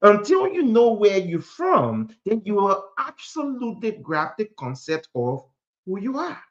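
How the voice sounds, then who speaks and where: A man's voice: high-pitched, sing-song, a little slow, lo-fi sound. A man from Liberia talking earnestly on a podcast, often repeating words while he searches for a phrase. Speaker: podcast host. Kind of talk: reflective podcast talk.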